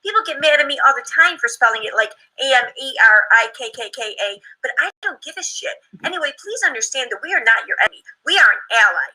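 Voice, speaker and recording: Bright, husky-voiced woman reading posts. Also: high-pitched, lively intonation, fast talker, hardly any pauses, rough recording. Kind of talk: reading screenshots aloud.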